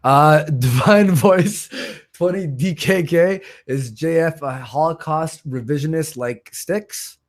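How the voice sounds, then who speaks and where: A man's voice: on the high side, slow pace. A man hosting a live stream, casually reading out viewer donations, joking and stumbling over names. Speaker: stream host.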